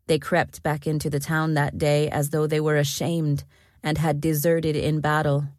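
A woman narrating a Bible story in a calm, scripted reading. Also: sits low, moderate pace, no room sound, clean studio sound. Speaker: Bible reader.

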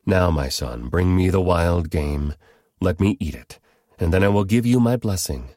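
A man voicing an aged, grave father who speaks in slow, solemn pronouncements. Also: deep voice, animated, mellow, dry recording, studio quality.

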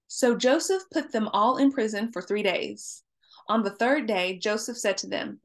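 A woman in a measured, clear voice, reading a Bible passage aloud as the narrator of a daily reading plan. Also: a little high. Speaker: scripture reader.

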